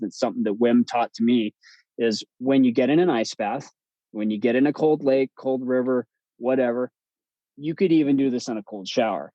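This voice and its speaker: Relaxed, mellow-voiced man telling stories. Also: medium pitch, no echo, highs cut off. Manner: relaxed, chatty, many fillers and restarts. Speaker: podcast guest, breathwork instructor. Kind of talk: casual storytelling interview.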